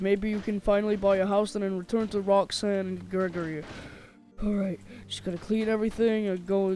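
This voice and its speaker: A man's voice: high-pitched, warm tone, close to an everyday voice. A young man voicing a chatty, hapless male robot bear janitor in a game role-play, muttering to himself as he works. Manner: mutters to himself while working.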